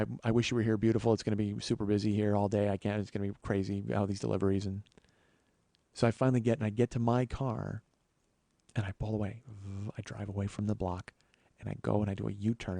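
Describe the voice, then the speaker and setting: A man hosting a podcast, telling a personal story in a storytelling monologue, swearing often and getting louder and higher when worked up. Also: fast, vocal fry, no echo. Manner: profane, excitable, voice rising when worked up. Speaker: podcast host.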